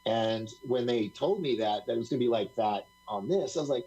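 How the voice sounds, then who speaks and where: A man's voice: medium pitch, lively intonation, a little fast, dark tone, husky, low-quality recording. A man talking as a guest on a live talk stream, rambling through stories, laughing often and acting out what other people said.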